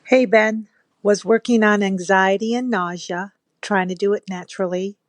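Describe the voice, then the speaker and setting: A woman's voice: medium pitch, steady tone, normal speed, no echo. A woman calling in with a recorded health question, speaking plainly and to the point. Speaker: caller asking a question.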